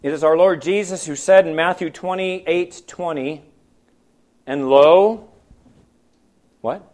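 A man preaching a sermon, posing questions to the congregation and swinging between loud, emphatic lines and hushed, quiet ones. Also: on the high side, measured pace. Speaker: pastor.

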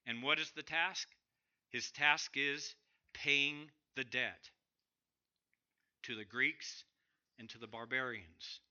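A man preaching a sermon to his church, swinging between loud emphatic bursts and quiet drops. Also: medium pitch, lo-fi sound. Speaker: pastor.

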